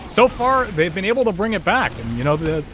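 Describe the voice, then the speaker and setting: A man giving steady, analytical color commentary as an esports caster, leaning on fillers. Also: high voice, a little fast, a little hiss or hum. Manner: steady explaining, many fillers like kinda.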